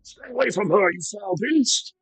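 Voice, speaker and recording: A man voicing a desperate, bloodied father who shouts in a strained high voice to defend his daughter, in a tabletop game. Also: animated, moderate pace, breathy edge, dry recording, exaggerated voice, rough recording. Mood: frantic.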